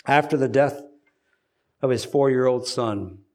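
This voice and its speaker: A man preaching from the pulpit at a middle pitch. He builds to loud, emphatic runs, then sinks into low, hushed, unhurried passages before moving into prayer. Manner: swings between loud emphatic stretches and quiet, low, slow passages. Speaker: pastor. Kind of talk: sermon.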